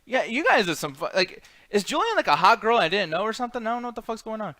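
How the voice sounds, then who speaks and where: A man co-hosting a casual chat show, loud and swearing, often breaking into laughter. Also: sits high, very animated, fast. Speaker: co-host.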